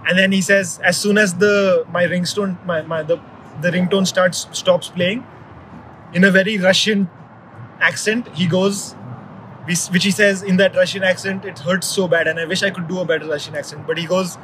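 A man's voice: sits high, steady tone, normal speed, fairly bright tone, a little hiss or hum, low-quality recording. A man in casual conversation, telling a story in a rambling way with many restarts.

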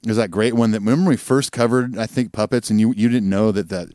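A man co-hosting a metal podcast in relaxed casual chat, agreeable and a little hesitant. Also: fairly low pitch, fast, dry recording, clean studio sound. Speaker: podcast co-host.

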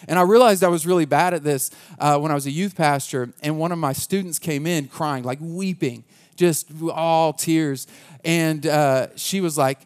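A man's voice: on the high side, moderate pace. A man preaching a conversational sermon as pastor, earnest and casual, often restarting his sentences.

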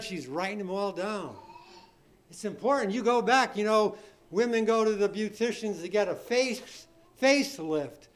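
A man preaching a sermon, reading scripture aloud with rising emphasis and asking his listeners rhetorical questions. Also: high voice.

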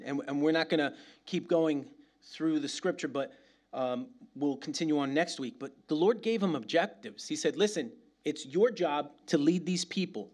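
Preaching with a fairly high-pitched voice, this middle-aged pastor from New York City keeps his sermon lively and conversational, sprinkling in slang and side comments.

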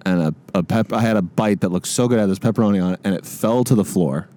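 A man's voice: on the low side, fast talker. A man co-hosting a podcast in casual chat, telling stories with frequent laughter. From American Midwest. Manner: animated storyteller, laughs often. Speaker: podcast co-host.

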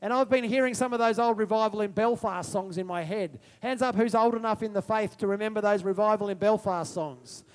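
A man preaching a passionate sermon, swinging between loud proclamation and soft musing and calling out to the congregation for responses. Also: high voice, fairly even intonation, a little fast, few pauses.

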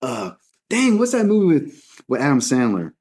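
A man's voice: medium pitch, wildly swooping pitch, normal speed, darkish tone. A man talking in a casual, rambling and jokey way as a podcast guest. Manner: rambling, jokey, drops into mock voices. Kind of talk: casual chat.

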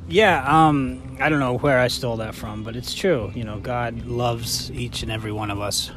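A man's voice: mid-range voice, fairly even intonation, moderate pace. Easygoing man with music behind. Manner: easygoing, peppered with "you know". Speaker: podcast co-host. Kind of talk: casual podcast chat.

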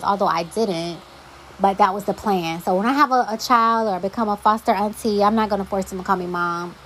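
A woman's voice: medium pitch, a little fast, a bit bright, slight background noise, low-quality recording. A young adult woman hosting a solo podcast, talking casually with emphatic, exasperated asides. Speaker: podcast host.

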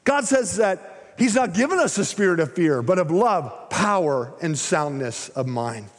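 Older male pastor with a high-pitched voice, preaching with sweeping dynamics in a reverberant hall. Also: very animated, measured pace. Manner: dramatic swings between loud emphasis and hushed low phrases. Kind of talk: sermon. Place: large church sanctuary.

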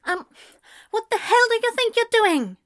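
A woman reading a story aloud and voicing a shrill, possessive young woman who is jealous of her boyfriend. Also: sing-song, measured pace, fairly bright tone, no room sound, clean studio sound, exaggerated voice. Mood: indignant. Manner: shrill and indignant.

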